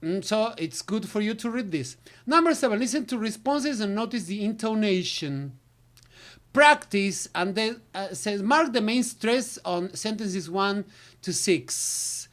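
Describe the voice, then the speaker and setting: A woman's voice: mid-range voice, lively intonation, measured pace. A woman, an English teacher talking through textbook exercises, filling gaps with nonsense syllables. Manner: filler syllables, switches to Spanish. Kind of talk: recorded lesson walkthrough.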